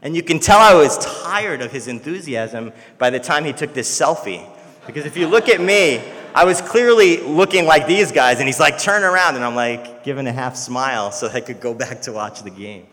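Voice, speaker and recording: Bright-voiced young pastor in a reverberant church. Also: male voice, mid-range voice, normal speed. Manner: conversational storytelling, animated when quoting others. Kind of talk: sermon.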